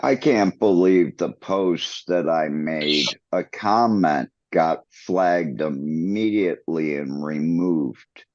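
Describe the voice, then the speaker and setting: Deep-voiced male co-host, unhurried explainer, dull dry podcast audio. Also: darkish tone, dry recording. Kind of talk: casual chat.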